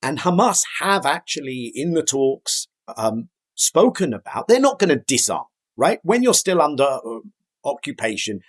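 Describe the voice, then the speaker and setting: Male guest expert, husky tone, very lively pitch, talking through ideas. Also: moderate pace. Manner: reasoning aloud, lively emphasis. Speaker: guest former negotiator. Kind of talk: explanatory interview answers.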